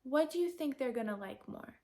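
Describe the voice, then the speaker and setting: A woman's voice: high voice, animated, fairly quick, dark tone, slight background noise. A woman giving earnest coaching advice straight to camera, asking her viewers rhetorical questions. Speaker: feminine energy coach. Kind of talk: direct-to-camera advice talk.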